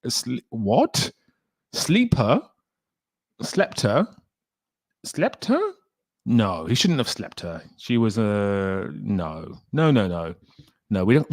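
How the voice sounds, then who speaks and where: A man's voice: fairly low pitch, darkish tone, no room sound, studio quality. A man hosting a livestream, chatting casually and animatedly, reacting with exclamations and frequent laughs. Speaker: host.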